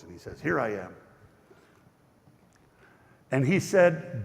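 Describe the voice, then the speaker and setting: A man's voice: medium pitch, big pitch swings, takes it slowly, gravelly, long pauses. Male pastor teaching scripture informally, rambling and self-correcting, mid-range voice, long church reverb. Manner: chatty and digressive, with frequent restarts. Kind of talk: Bible study teaching.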